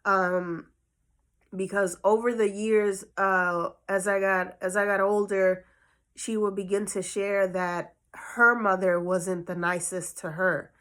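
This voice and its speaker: A woman's voice: medium pitch, steady tone, slow pace, fairly bright tone. A woman telling a personal story on her vlog in a casual, chatty way full of fillers, slightly short of breath. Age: adult. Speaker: vlogger.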